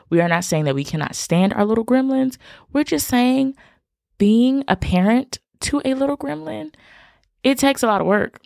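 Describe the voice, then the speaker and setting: A woman's voice: fairly low pitch, gravelly, darkish tone, no echo, clean studio sound. A young woman hosting a podcast, chatting casually and encouraging her listeners directly. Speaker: podcast host.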